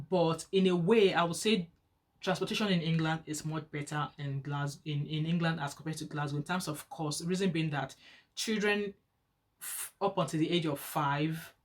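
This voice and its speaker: Nigerian woman, 30s, casual vlogger, chatty, animated. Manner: chatty and animated, rising higher when excited. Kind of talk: casual chat to camera.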